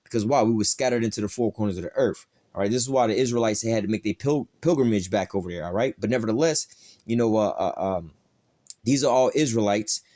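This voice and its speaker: A man's voice: fairly low pitch, fast, warm tone. Man teaching scripture in casual slang. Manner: loose and profane, repeats "all right" and "you know". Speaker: Bible teacher.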